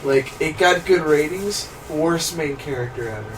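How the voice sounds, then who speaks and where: A young man chatting casually on a movie commentary, an animated storyteller who laughs often and slips into loud impressions. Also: a little high, normal speed. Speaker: co-host. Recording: noisy, distant room recording.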